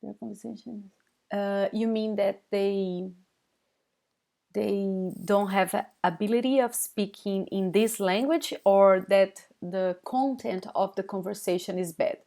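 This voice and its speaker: Slow, halting Brazilian woman teaching. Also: medium pitch, a little mellow. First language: Portuguese. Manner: slow, halting, many fillers and restarts; addresses viewers as guys, checks with okay. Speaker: Portuguese teacher. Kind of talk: live online language lesson.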